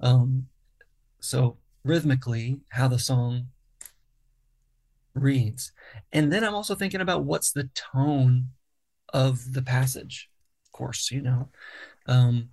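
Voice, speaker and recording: Speaking casually as an interview guest, this man has a creaky, gravelly voice at a normal pitch. He walks through his songwriting process with care, one step at a time, stopping now and then to find the right words.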